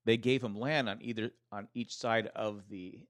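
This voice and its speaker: A man's voice: fairly low pitch, fairly even intonation, normal speed, no echo, clean studio sound. A man hosting a casual chat, recapping a TV western in a rambling way with lots of restarts. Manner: rambling, many restarts, retells scenes. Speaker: podcast host recapping a TV western.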